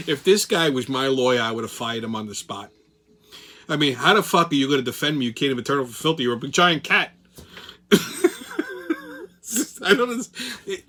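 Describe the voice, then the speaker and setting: A man's voice: fairly high pitch, sharp tone. A man hosting a weekly commentary show, ranting in a blunt, sarcastic and profane way.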